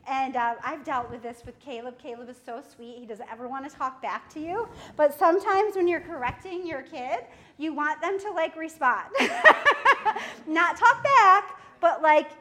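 A middle-aged woman preaching a sermon in a lively way, laughing often and acting out what people say. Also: sits high, measured pace. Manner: lively, laughs often, acts out quoted speech.

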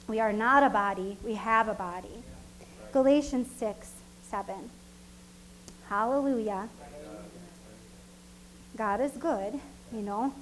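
A woman's voice: high voice, slight background noise, poor audio. A woman preaching a sermon in a casual, conversational way that repeats its points and breaks into laughter. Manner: conversational and repetitive, with frequent laughs.

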